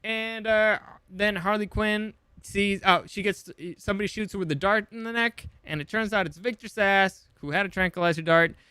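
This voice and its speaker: A man's voice: sits high, normal speed, few pauses, sharp tone, smooth, dry recording. A man recapping a movie in a casual, sarcastic way, swearing often and rambling with lots of fillers. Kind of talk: casual comedic film summary.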